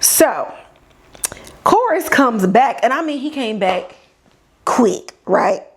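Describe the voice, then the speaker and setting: A woman with a high voice recaps a TV episode for her podcast in a casual, animated way. She talks loosely in slang with bursts of laughter and curse words. Her pitch rides high as she tells the story. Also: slow pace, breathy edge. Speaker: podcast host.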